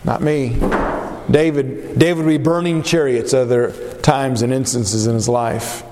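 Male preacher, sermon, slow deliberate delivery, rhetorical questions, long hall echo. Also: mid-range voice, fairly even intonation, a little mellow. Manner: emphatic, rhetorical questions, dramatic pauses.

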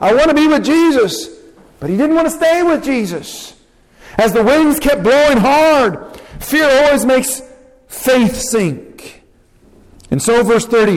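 A high-voiced man delivers a sermon in a lively, theatrical way. His voice leaps up when he acts out the lines he quotes. A long hall reverb trails behind every phrase. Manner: animated, acting out quotes with big pitch jumps. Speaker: preacher.

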